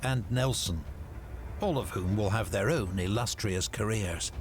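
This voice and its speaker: A man giving a measured, dramatic scripted narration for a history documentary. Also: fairly low pitch, noisy background. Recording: documentary clip played back with music. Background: music.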